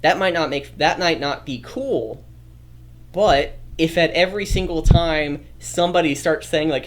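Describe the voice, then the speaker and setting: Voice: medium pitch, unhurried. A streamer thinking aloud while drafting a story, rambling, correcting themselves and often laughing.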